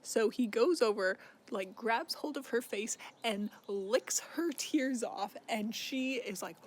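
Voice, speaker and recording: A man's voice: very high voice, slow. Young man, casual book recap, chatty and sweary, faint hiss behind. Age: young adult. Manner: chatty, swears, laughs while recounting. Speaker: book vlogger.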